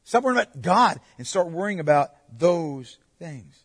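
Preaching a sermon, a man with a husky, slightly high voice alternates between loud exhortation and quiet asides. He is very animated and talks at normal speed, and a long reverb makes it sound like a large hall.

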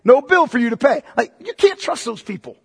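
A man preaching a sermon as pastor, emphatic and repetitive, swinging between loud and hushed delivery. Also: extremely high pitch, very animated, brisk, gravelly, breathy edge, in a large hall.

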